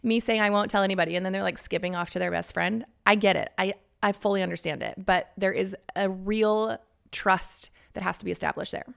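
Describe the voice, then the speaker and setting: Candid, chatty woman with a gravelly voice. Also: mid-range voice, steady tone, fairly quick. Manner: candid, chatty, swears casually, acts out quoted friends. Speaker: podcast host. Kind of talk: solo podcast monologue.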